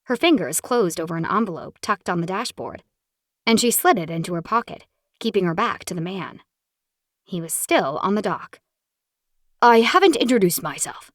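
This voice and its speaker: Expressive woman audiobook narrator. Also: on the low side, normal speed, dry recording, studio quality. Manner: expressive, animated storytelling. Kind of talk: scripted romance narration.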